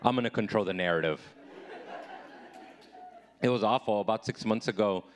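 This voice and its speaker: A man in his thirties performing a live stand-up comedy set, self-deprecating, jumping high and loud when he acts out his own replies. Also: normal speed, a faint crowd.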